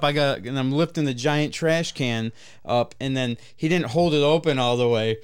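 A man with a smooth, clear voice at a middling pitch tells a long story on a casual podcast. He rambles, swears freely and keeps laughing through his own words. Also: normal speed. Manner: rambling, profane, often laughing mid-story. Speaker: podcast co-host.

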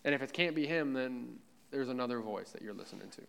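Male pastor, casual fervent sermon delivery, medium pitch, repeats phrases. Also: animated, fast, creaky, a bit bright. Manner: fervent, conversational preaching with many repetitions of "man". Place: church.

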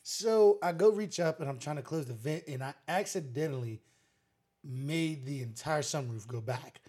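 A man's voice: on the high side, normal speed, warm tone. A man co-hosting a podcast, telling stories energetically in casual chat, laughing often. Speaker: podcast co-host.

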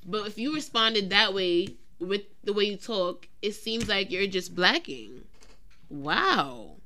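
Animated bright-voiced woman co-host. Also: mid-range voice, slow, a little hiss or hum. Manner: animated storyteller who acts out quotes. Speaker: podcast co-host. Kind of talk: casual chat.

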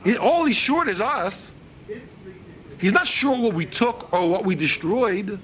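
Animated, lively-voiced man teaching religion. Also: measured pace, poor audio. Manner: animated, repeats words while searching for phrasing; acts out quoted speakers in a higher voice. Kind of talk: informal religious lecture.

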